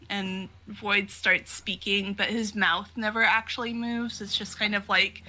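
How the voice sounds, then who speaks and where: A woman co-hosting a podcast in casual chat, animated, laughing often and swearing freely. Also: medium pitch, a little slow, few pauses. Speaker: podcast co-host. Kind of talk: casual chat recapping a comic.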